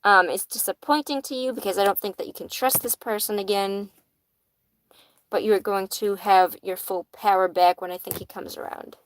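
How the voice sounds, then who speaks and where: A woman's voice: medium pitch, steady tone, moderate pace, low-quality recording. A woman giving casual live-stream tarot readings in a chatty manner, swearing casually and laughing easily. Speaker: tarot reader.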